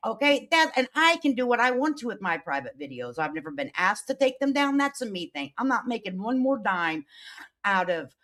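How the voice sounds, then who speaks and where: Sassy sarcastic woman streamer. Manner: sassy, sarcastic, swings between loud outbursts and low mutters. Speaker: drama commentary streamer. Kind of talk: livestream commentary reading posts aloud.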